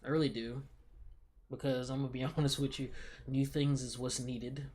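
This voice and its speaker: Young male streamer, husky voice, slangy laid-back rambling chat. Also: mid-range voice, little pitch movement, normal speed, a little mellow. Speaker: livestreamer. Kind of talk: casual livestream chat.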